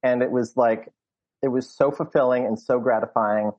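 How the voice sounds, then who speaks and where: A man's voice: mid-range voice, steady tone, moderate pace, a little mellow, lo-fi sound. A man co-hosting a podcast, talking through a film in casual chat with many restarts. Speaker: podcast co-host.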